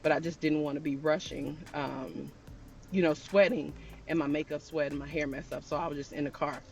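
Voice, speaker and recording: A woman's voice: deep voice, fairly even intonation, fairly quick, gravelly, faint music behind. A woman telling a personal story in a chatty storytime style, talking straight to her viewers. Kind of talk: casual storytime.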